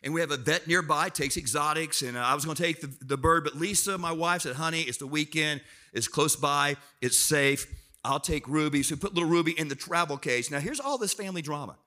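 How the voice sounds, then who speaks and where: A middle-aged man preaching a sermon, telling personal stories in a lively way and acting out his family. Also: on the high side, brisk. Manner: animated storyteller, acts out family members in raised voice. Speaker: pastor.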